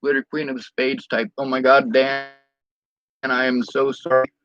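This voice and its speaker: A man's voice: mid-range voice, level tone, normal speed, fairly bright tone, muffled recording, faint music behind. A man venting in a personal vlog rant, bitter and indignant, with frequent swearing.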